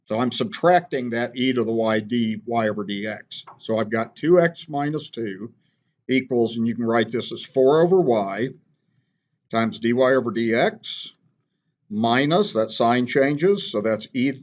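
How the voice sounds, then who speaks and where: In a classroom lecture, a man teaching math patiently walks through the steps and keeps checking in with "okay?". He speaks a little slowly in a medium pitch, and the highs are cut off.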